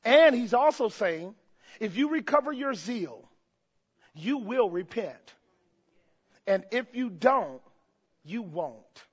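A male preacher delivering a fervent sermon, swinging from hushed tones to shouts and putting rhetorical questions to the congregation. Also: high-pitched, big pitch swings, slow pace, long pauses, breathy edge. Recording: dull lo-fi recording.

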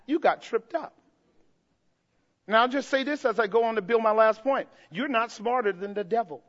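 A man preaching a sermon as pastor, swinging from soft asides to impassioned shouts. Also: very high-pitched, normal speed, highs cut off.

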